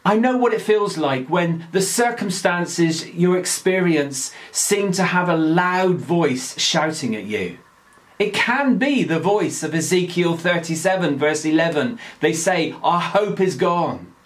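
Male pastor, daily devotional; unhurried, earnest delivery, slightly higher voice. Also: animated. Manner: slow, measured, earnest.

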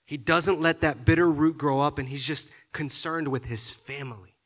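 A man preaching a sermon, often repeating his words and building to loud, emphatic peaks. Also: fairly high pitch, fairly even intonation, normal speed. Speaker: pastor.

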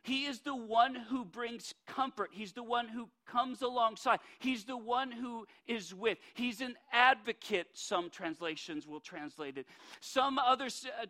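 A man from North Dakota, preaching a sermon in a folksy, animated way with many restarts. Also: very high-pitched.

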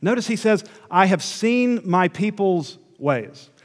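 A pastor preaching a sermon, his fairly high voice dropping to hushed asides and then climbing into emphatic runs. The sound carries the long reverb of a large hall. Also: lively intonation, slow pace.

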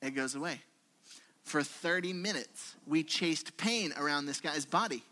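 This pastor's voice is a little high, and he talks a little slowly as he preaches a conversational sermon in church, bringing his stories to life by acting out quotes.

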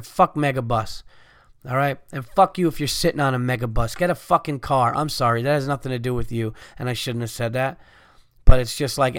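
A man's voice: fairly high pitch, sharp tone, clean tone, dry recording, studio quality. A man in his thirties telling a heated, profane story as a podcast host, ranting and swearing. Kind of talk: angry storytelling rant.

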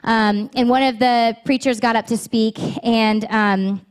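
A woman's voice: on the high side, steady tone, measured pace, clean tone. A woman in her thirties preaching a sermon in a church, talking candidly and conversationally. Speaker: pastor. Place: church auditorium.

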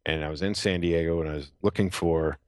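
A middle-aged military veteran, a guest on a Los Angeles podcast, tells his story in a casual interview, earnest and rambling with many fillers and restarts. His voice sits low and darkish, steady and a little fast, recorded dry and clean in a studio.

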